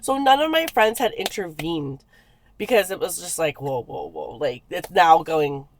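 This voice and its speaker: A podcast co-host, a woman, chatting casually and telling a story with lively acted-out quotes. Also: on the low side, normal speed, a little hiss or hum. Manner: animated storytelling, acts out quotes. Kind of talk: casual chat.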